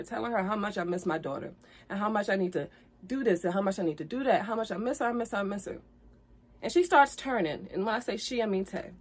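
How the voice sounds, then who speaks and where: A woman speaking tells viewers about a painful breakup on a live stream. Her voice sits at an ordinary middle pitch. She is upset and close to tears, circles back over her own phrases, and climbs loud and heated as she gets into the fights. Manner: addresses viewers directly, repeats phrases, grows loud and heated when recounting fights. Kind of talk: emotional live-stream storytelling.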